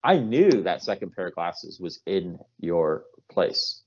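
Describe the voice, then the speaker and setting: A man's voice: low-pitched, big pitch swings, slow, a little mellow, breathy edge, muffled recording. A man co-hosting a podcast in casual chat, easygoing and laughing along. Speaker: podcast co-host.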